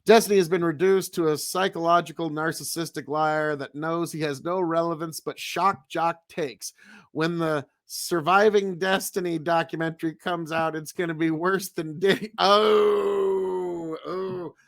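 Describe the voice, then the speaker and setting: A male streamer talks live to his chat in a rambling, emphatic way, circling back and repeating his points for weight. His voice sits a bit higher than most men's. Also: fairly even intonation, moderate pace, fairly bright tone.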